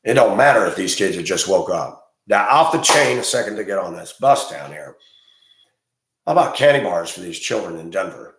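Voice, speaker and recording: Speaking in a low, expressive voice at a moderate pace, a school bus driver delivers a rambling, blunt, opinionated monologue. He gets heated and loud, and the room he's in is echoey.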